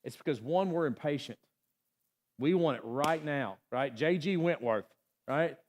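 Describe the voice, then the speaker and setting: A man with a slightly high voice delivers a sermon in a church. He talks the way he would in conversation and keeps checking in with his listeners. Now and then he acts out the people in the story. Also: animated, measured pace, a little hiss or hum. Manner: conversational, asks the room "right?" often. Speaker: pastor.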